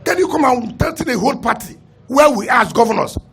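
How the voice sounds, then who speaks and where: A man's voice: very high voice, expressive, fast talker, creaky, fairly bright tone, slight background noise. A Nigerian man, a state governor, making a combative press statement with emphatic repetition. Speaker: state governor and party leader.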